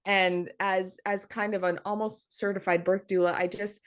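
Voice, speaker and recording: A young woman tells a personal story in a relaxed podcast chat. She speaks at a middle pitch, animated and quick to laugh, with many "like"s and restarts. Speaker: podcast guest. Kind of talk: casual birth story interview.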